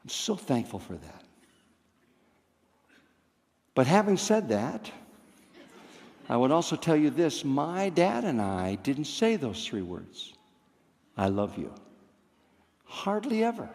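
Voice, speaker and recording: A man's voice: a little high, very animated, a little slow, pauses often, a little mellow. An older man telling a personal story on stage with wry, understated humor. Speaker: storyteller comedian. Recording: long reverb of a theater hall.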